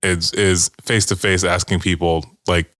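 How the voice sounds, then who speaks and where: A man's voice: deep voice, little pitch movement, normal speed, a bit bright, no room sound, studio quality. A man co-hosting a podcast in casual chat, wry and rambling as he steers the talk. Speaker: podcast co-host.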